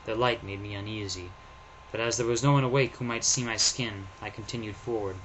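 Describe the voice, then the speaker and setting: A man narrating his own first-person story in a measured, subdued reading. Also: lowish voice, fairly even intonation, crowd noise, low-quality recording.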